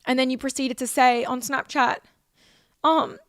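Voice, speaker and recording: A young woman pours out a heated, profane, emotional vlog rant straight to camera. Her voice sits high and carries a gravelly fry. The sound is close and dry, with no room echo. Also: a little slow, fairly bright tone. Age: 20s.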